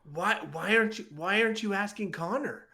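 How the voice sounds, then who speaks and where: A man voicing an eager young male rogue who stammers and rushes to prove himself. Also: high-pitched, bright, forceful tone, pitched above the performer's own voice.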